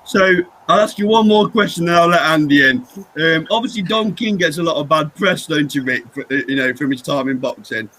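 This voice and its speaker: Interview host, male, high-pitched, asks easygoing conversational questions. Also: fairly quick, a bit bright, rough recording. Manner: conversational, with questions that end in tags. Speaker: podcast host.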